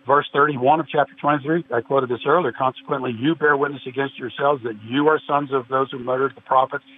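A man earnestly arguing a point of theology in a discussion, quoting scripture at length. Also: on the high side. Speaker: podcast guest. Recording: tinny phone-like line with faint noise.

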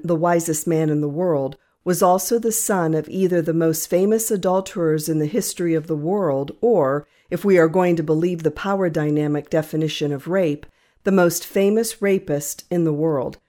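Woman reading a commentary, slightly low. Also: dark tone. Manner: measured, reads quotations aloud with "quote, unquote".

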